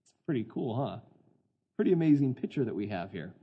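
A man preaching an expository sermon in an excitable, conversational way, often putting questions to the congregation. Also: medium pitch, a little fast, breathy edge, dull audio. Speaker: pastor.

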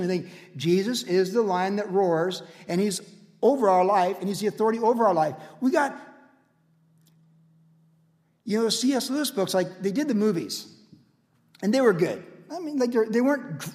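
Animated high-voiced man preaching. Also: long reverb tail. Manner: animated, emphatic preaching with repetition. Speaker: pastor. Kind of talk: sermon.

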